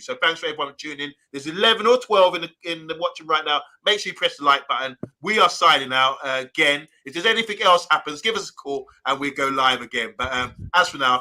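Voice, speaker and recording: A man's voice: a little high, sharp tone. A man hosting a live fan show, chatting and reading viewer comments aloud with energy. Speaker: podcast host.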